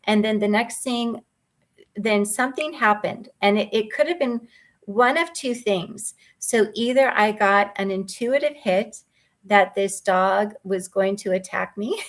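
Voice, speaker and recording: A woman mindfulness coach telling a personal story in a gentle, earnest way, with frequent ums and restarts. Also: medium pitch, measured pace.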